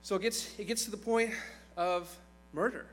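A man's voice: sits high, fairly even intonation, normal speed, fairly bright tone, soft background music, poor audio. A man preaching a sermon in a conversational way, retelling scripture with playful asides.

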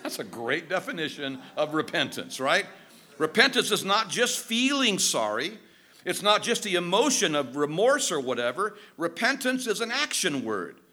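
Male pastor delivering a sermon, high and lively, bright tone, emphatic. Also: normal speed. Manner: emphatic, animated preaching with dramatic drops in pitch.

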